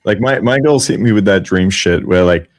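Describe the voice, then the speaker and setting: A man's voice: low-pitched, normal speed. A man, co-hosting a casual podcast chat in a laid-back, agreeable way with casual slang. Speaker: podcast co-host.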